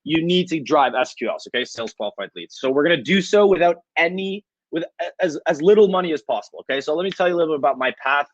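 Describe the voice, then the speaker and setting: A Canadian man presenting an online business workshop, energetic and often checking in with "okay?". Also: on the high side, fast talker, no room sound. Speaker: workshop speaker. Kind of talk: webinar presentation. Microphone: online video call. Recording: dull dry webinar audio.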